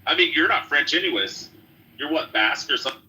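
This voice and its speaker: A man's voice: a little high, animated, quick pace, sharp tone, poor audio. A man in a heated podcast argument, swearing constantly and hurling insults. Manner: profane, aggressive, hurls insults. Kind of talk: heated casual debate.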